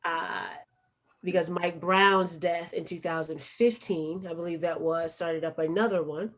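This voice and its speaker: A woman from the United States with a Chicago accent, a poet and activist, tells her story as an interview guest. She is earnest and emphatic, speaking a little slowly in a lowish, steady voice.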